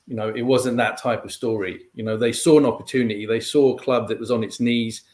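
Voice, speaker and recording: A male guest pundit giving measured, explanatory analysis in conversation, often filling with "um" and "you know". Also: mid-range voice, fairly even intonation, darkish tone.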